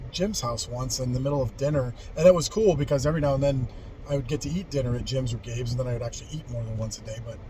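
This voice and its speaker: A man's voice: medium pitch, a little mellow, a little hiss or hum, low-quality recording. A man in his forties casually telling a story from his youth, rambling and candid, with frequent swearing and restarts. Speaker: vlogger telling life stories.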